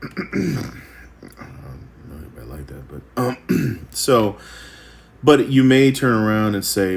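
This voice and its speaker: A man's voice: low-pitched, expressive, unhurried, slight background noise. A man giving a casual devotional reflection on the Bible, rambling and self-deprecating, chuckling as he talks. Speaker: vlogger.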